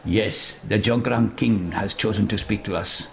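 A man voicing a learned male translator figure, speaking low, quiet and measured in a comic story. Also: vocal fry. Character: learned grown male sailor-translator, calm and matter-of-fact.

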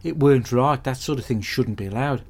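Hapless crude bloke, played by a man, deadpan rambling monologue. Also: mid-range voice, a little fast, natural voice. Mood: grumbling. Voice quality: deadpan, sweary, rambling storyteller. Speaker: comedy podcast character host. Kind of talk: scripted comic monologue.

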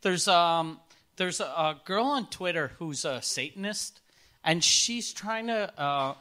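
A man co-hosting a casual podcast, rambling with deadpan jokes and filler words. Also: high-pitched, takes it slowly. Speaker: podcast co-host.

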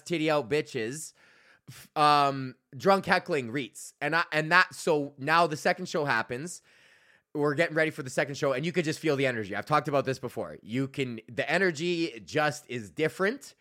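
Male podcast host, profane comic ranter, bright, somewhat high voice, bursts into loud bits. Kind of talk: profane comedic rant.

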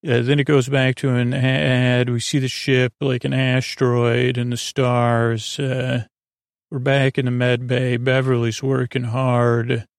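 A man loosely retells a story for bedtime in a soft, drowsy ramble, stitching it together with "he goes" and filler words. His voice is gravelly and stays flat in pitch. The recording is dry and close. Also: measured pace, no room sound. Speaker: podcast host retelling an episode.

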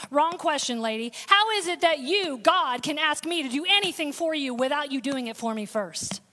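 A woman's voice: high voice, lively intonation, moderate pace, sharp tone. A woman pastor, preaching a sermon with call-outs and sudden bursts of intensity.

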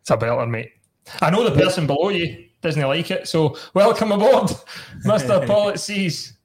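A man hosting a lads' football podcast. His voice sits a bit high and he keeps breaking into laughter. The banter is crude and quick. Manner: banter, swearing, lots of laughing. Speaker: podcast host. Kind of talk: casual chat.

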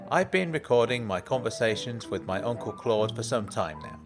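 A young man hosting a comedy podcast, narrating and chatting in a dry, low-key, exasperated way. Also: lively intonation, normal speed, hardly any pauses, music in the background. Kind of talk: deadpan comedy narration and sketch.

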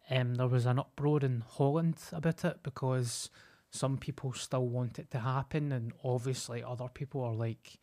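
A Scottish man co-hosting a podcast, telling stories in casual chat and acting out what people said. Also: medium pitch. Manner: animated, acts out quotes. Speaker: podcast co-host.

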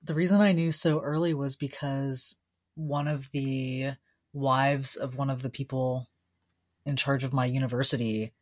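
A woman co-hosting a casual chat, telling a story in a relaxed way and laughing often. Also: extremely low pitch, unhurried. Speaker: podcast co-host.

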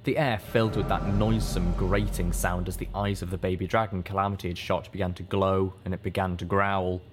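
Male audiobook narrator: deep, steady and measured, with faint guitar behind. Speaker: audiobook reader.

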